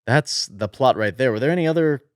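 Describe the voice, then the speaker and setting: A man's voice: mid-range voice, expressive, fairly quick, clear, resonant tone, dry recording, studio quality. An American man co-hosting a podcast, chatting casually and animatedly while quoting characters in playful voices. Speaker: podcast co-host. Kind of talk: casual chat.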